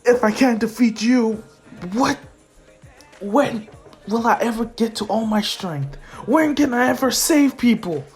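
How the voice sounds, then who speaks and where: Brief: man doing a hot-tempered teen boy rival, yells high and loud, upbeat music faintly behind. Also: normal speed, vocal fry. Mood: anguished. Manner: yelling, frustrated. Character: angry teenage boy, hot-headed hero rival.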